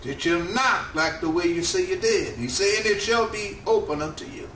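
Preacher man, slow and emphatic, bright voice bouncing around a big echoey room, mic kinda far off. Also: high-pitched, expressive, a little hiss or hum. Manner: slow, emphatic preaching with rising and falling cadence. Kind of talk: sermon. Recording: echoey room, mic at a distance, faint ambience.

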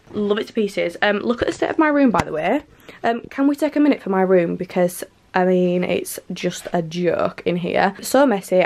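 A woman in her twenties with a British accent, chatting casually and gushing in a home vlog. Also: medium pitch. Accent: British English. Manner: chatty, gushing, full of fillers. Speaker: vlogger. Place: bedroom at home.

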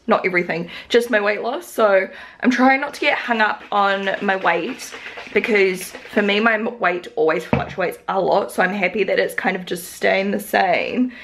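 A woman's voice: medium pitch, creaky. A young woman from New Zealand with a New Zealand accent, chatting casually to camera in a rambling vlog full of "like". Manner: chatty, rambling, lots of "like" fillers. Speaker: vlogger.

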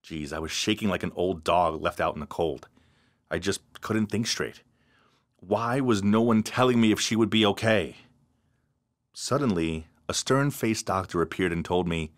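A man narrating an animated story in a scripted, expressive first-person style. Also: sits low, normal speed.

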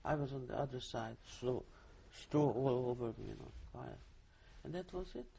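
An older woman speaks in a mellow, husky tone. She tells her story vividly, often restarting her sentences, as in a recorded oral history interview. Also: very deep voice, lively intonation, moderate pace. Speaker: Holocaust survivor giving testimony.

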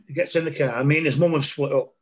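A middle-aged man spins comic anecdotes in a casual podcast chat. His voice sits a touch high, and he breaks into laughter and mimics other people as he goes. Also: fairly even intonation, quick pace, slightly rough. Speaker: comedian guest.

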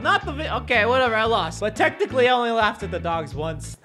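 An excitable host reacts to funny clips, laughing often and talking to the family dogs. The pitch swings a lot from low mutters to high squeals. Faint music plays underneath. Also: fast talker. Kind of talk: casual commentary on clips.

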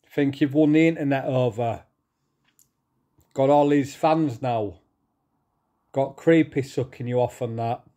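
Slow angry middle-aged man ranting. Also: medium pitch. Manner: heated, swearing, repetitive, pausing to calm himself. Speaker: vlogger. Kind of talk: angry rant to camera.

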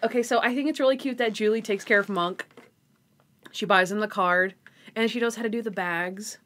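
Woman podcast co-host, animated storyteller, laughs easily, mid-pitched casual recap voice. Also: brisk. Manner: animated storyteller who acts out scenes and laughs often.

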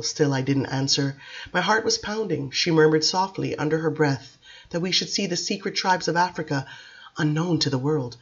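A woman narrating a novel as an audiobook, in a measured, expressive reading. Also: sits low, dull audio. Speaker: audiobook reader.

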